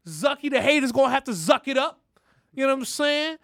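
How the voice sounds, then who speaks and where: A man's voice: very high-pitched, lively intonation, a little fast, gravelly, a bit bright, dry recording, clean studio sound. A man hosting a podcast in a brash, profane casual rant, constantly asking "you know what I'm saying". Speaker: podcast host.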